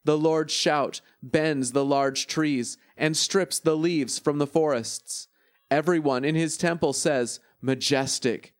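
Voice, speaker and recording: A man reads scripture in a steady, measured way. His voice sits a little above the usual male range. The sound is close and dry, with no room around it. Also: on the high side, no room sound. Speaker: scripture reader. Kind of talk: scripted Bible reading.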